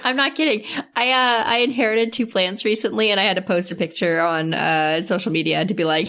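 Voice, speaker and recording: A woman's voice: mid-range voice, brisk, few pauses. Giggly, exasperated woman podcaster. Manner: giggly, animated, exasperated outbursts. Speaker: podcast co-host. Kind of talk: casual chat.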